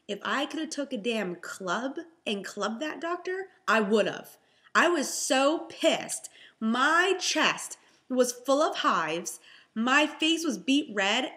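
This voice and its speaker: Chatty high-voiced pregnant woman. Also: takes it slowly. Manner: chatty, animated, exasperated storytelling. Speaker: vlogger, health and fitness coach. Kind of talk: casual storytelling vlog.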